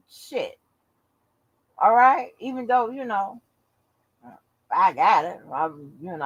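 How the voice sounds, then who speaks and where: A woman hosting her own channel, telling a story in casual chat, animated and profane, acting out what people said. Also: fairly high pitch, dry recording, dull audio. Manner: animated, profane, acts out quotes. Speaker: channel host.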